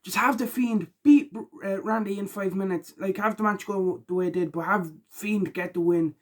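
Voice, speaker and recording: A tired man talking casually through his reactions, rambling with lots of ums and likes, and rising loud and high when he gets annoyed. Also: steady tone, normal speed. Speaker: wrestling reaction vlogger. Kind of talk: casual spoken reaction vlog.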